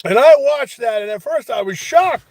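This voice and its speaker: A man's voice: extremely high pitch, expressive, normal speed, darkish tone, no room sound. Man doing a ranting, preachy old grandpa. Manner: preachy ranting with stammers and rambling asides. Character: rambling zealous old grandpa, preachy and forgetful. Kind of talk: satirical comedy monologue.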